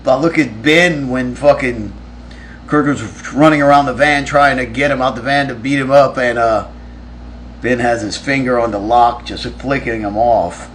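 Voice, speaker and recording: A touring metal musician rambles through a road anecdote, cursing freely and restarting his sentences. His voice sits at an ordinary male pitch. The delivery is casual and unscripted. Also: fairly even intonation, moderate pace, a little hiss or hum. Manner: loose, profane storytelling with restarts.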